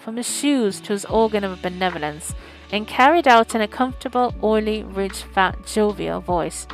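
A woman's voice: medium pitch, rough recording. Woman reading a classic story aloud. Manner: lively, expressive storytelling. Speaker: audiobook streamer.

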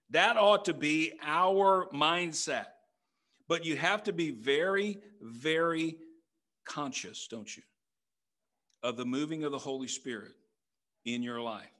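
A middle-aged man preaches a sermon from the pulpit in an earnest, conversational way. He keeps turning to the congregation with rhetorical questions, and his voice sits a little higher than most men's. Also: unhurried, fairly bright tone. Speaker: pastor. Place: church sanctuary.

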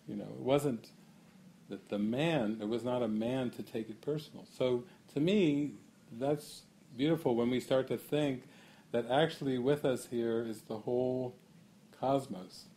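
A man leading a spiritual gathering with a mid-range voice that is neither high nor low. He muses and poses questions, breaks into laughter often, and draws out his key phrases slowly. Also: warm tone, slight background noise. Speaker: spiritual teacher. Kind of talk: talk to a gathering.

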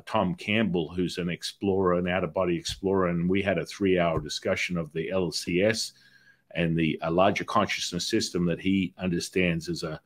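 A middle-aged man hosting an interview podcast, talking in a rambling way with restarts and anecdotes. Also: low voice. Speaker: podcast host. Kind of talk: conversational interview.

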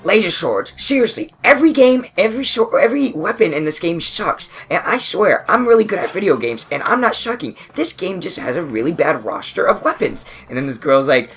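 A man's voice: high voice, big pitch swings, brisk, hardly any pauses, a bit bright. A man co-hosting a gameplay video, telling rambling stories, laughing and mimicking other people. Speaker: gaming channel co-host. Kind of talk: casual gameplay commentary.

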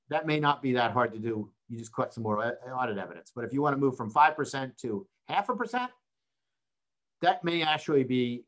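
An older male professor lecturing over an online seminar. His voice sits at an ordinary middle pitch, and he explains ideas patiently, posing rhetorical questions and checking in with his listeners as he goes. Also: fairly bright tone. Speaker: accounting professor.

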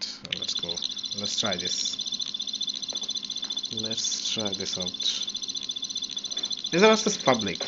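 A man giving casual commentary while he plays a pool game, reacting loudly and often swearing at what happens on screen. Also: deep voice. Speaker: gaming channel host. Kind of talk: casual live gameplay commentary. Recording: dull lo-fi mic with steady background noise.

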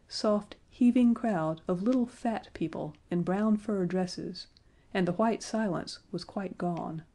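A woman narrating a children's fantasy audiobook in a gentle, measured way. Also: lowish voice. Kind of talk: scripted storybook narration.

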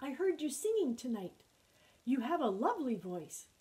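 A woman voicing a sweet young female hedgehog in a storybook, speaking in a clear, high voice. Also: big pitch swings, normal speed, dark tone. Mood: whispering, friendly.

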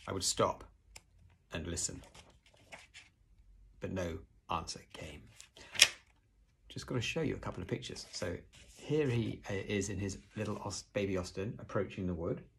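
A man reading a children's book aloud, with hushed, suspenseful narration and casual asides to show pictures. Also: low voice, creaky, a little hiss or hum. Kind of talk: storybook read-aloud narration.

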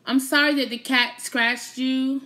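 A woman's voice: high-pitched, steady tone, unhurried, bright, forceful tone. A woman hosting a casual live stream, chatting playfully with her viewers, teasing them and laughing often.

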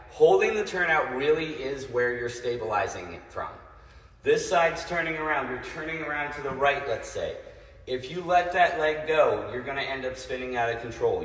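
A man teaches a streamed ballet class from a room at home, dancing away from the camera while counting out steps and checking in with students. His medium-pitched voice is expressive and fairly bright at a moderate pace, picked up by a phone or camera mic across the room, so it sounds roomy and distant over piano music.

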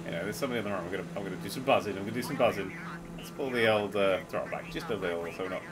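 A man giving excitable, sweary, laughing running commentary while playing a game. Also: medium pitch, noisy background. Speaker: gaming video host. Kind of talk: casual let's-play commentary.

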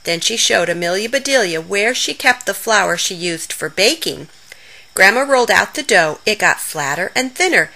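Woman reading a kids storybook, bright voice, lots of up and down. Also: mid-range voice, normal speed, gravelly, poor audio. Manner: expressive, animated reading. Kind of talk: children's story read-aloud.

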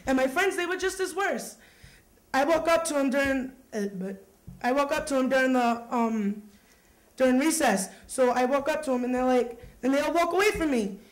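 A teenage girl with a fairly high voice delivers a comic personal monologue in a relaxed, conversational manner. She tells it wryly, like chatting with friends, on a small youth stage. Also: moderate pace. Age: teens. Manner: conversational, wry storytelling.

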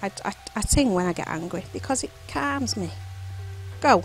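A woman's voice: mid-range voice, animated, a little fast, faint music behind, rough recording. A woman giving chatty, silly let's play commentary, singing and whispering to herself as she plays. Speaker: gameplay commentator.

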